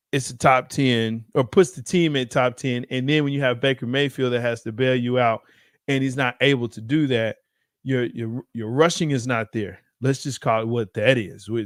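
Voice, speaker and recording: A man's voice: mid-range voice, dry recording, studio quality. A man co-hosting a sports podcast in casual debate. He teases his co-host and laughs often. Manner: teasing, laughs often, animated.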